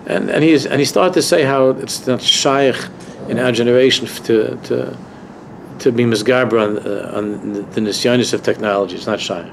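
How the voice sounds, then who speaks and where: In a university lecture room, a rabbi gives students an emphatic Torah class, circling back to key phrases and swelling into impassioned moments. He speaks at normal speed in a gravelly, mid-range voice over background noise.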